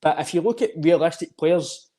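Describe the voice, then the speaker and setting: Animated Scottish man talking football. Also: on the high side, moderate pace. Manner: animated, opinionated, talks over others. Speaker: podcast co-host. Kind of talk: casual football chat.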